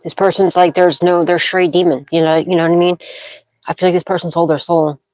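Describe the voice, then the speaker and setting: A woman's voice: on the low side, steady tone, a little fast, a little mellow, dry recording, poor audio. Rambling woman reading tarot, dry sound. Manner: rambling, frequent "okay?" check-ins; intuitive, dramatic pronouncements. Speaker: tarot reader.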